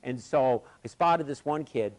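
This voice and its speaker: A man leading a live workshop, telling stories in an animated way and acting out what people said. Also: medium pitch, measured pace. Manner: animated, acts out quoted voices. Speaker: workshop facilitator. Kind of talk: storytelling at a workshop. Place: conference session, recorded live.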